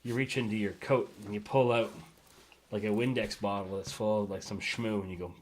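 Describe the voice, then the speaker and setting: A man's voice: fairly low pitch, steady tone, brisk, slight background noise. A man brainstorming film ideas as a guest collaborator, eagerly jumping in with suggestions. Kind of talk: casual brainstorming.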